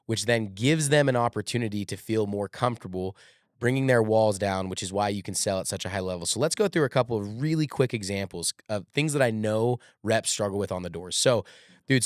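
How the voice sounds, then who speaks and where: A man's voice: on the low side, brisk, clean tone, dry recording, studio quality. A man hosting a sales training show, coaching his audience and calling them "guys" and "dude". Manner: addresses listeners as "guys" and "dude". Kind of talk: coaching interview.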